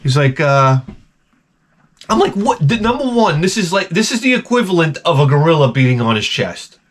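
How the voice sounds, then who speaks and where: Animated sarcastic man ranting. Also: a little high, normal speed. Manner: sarcastic, animated, mimics people mid-story. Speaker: vlogger. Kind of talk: casual ranting storytelling.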